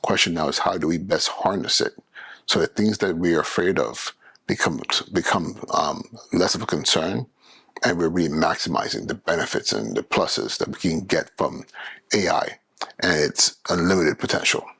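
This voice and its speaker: A man talks through a casual solo podcast. His voice sits low and gravelly with a husky edge, and he restarts his phrases often, pressing hard on key words. The sound is dry and close. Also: moderate pace, no echo. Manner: animated, restarts phrases, emphatic. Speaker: podcast host.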